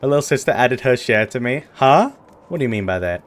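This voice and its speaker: A man's voice: medium pitch, expressive, a little fast. A man streaming a game playthrough, reading its dialogue aloud in a put-on British accent between joking asides.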